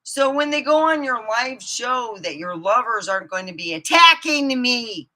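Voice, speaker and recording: A woman ranting profanely to her camera, swinging from low muttering to outbursts of shouting. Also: lively intonation, normal speed. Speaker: vlogger. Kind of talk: angry ranting monologue.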